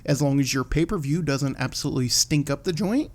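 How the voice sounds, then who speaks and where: A man hosting a casual wrestling podcast from home, animated, swearing and laughing as he acts out what others said. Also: fairly high pitch, a little fast. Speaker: podcast host.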